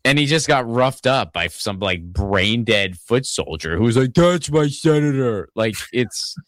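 A man's voice: on the low side, animated, measured pace, a bit bright, no room sound. A man from Pittsburgh hosting a casual political talk show, rambling with lots of stammered restarts and profanity. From Pittsburgh, Pennsylvania. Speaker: podcast host.

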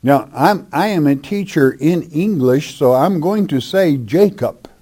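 Mellow-voiced pastor answering Bible questions. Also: male voice, fairly high pitch, lively intonation, husky. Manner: blunt, plain-spoken, slow emphatic spelling out.

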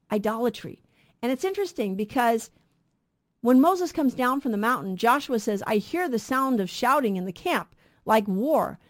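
Brief: woman co-host of a radio Bible show, fairly high voice, emphatic teaching that drives its points home with questions. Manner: emphatic, asks rhetorical questions and answers them.

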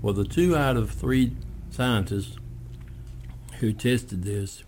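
A man's voice: medium pitch, takes it slowly, a little mellow, slight background noise. A man hosting a radio morning show, bantering and teasing in a casual, playful way in the studio.

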